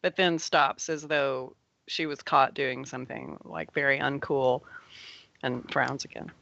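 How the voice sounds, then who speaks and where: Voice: mid-range voice, steady tone, unhurried, vocal fry, pushed and bright, a little hiss or hum. A game master narrating a tabletop game in a casual, easy-laughing way. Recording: dry lo-fi audio.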